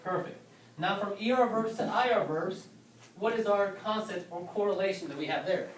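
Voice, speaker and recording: High-voiced male teacher in an echoey classroom. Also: moderate pace, distant mic. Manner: asks the class questions, checks with "okay?". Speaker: Spanish teacher. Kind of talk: classroom lecture. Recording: roomy classroom from afar.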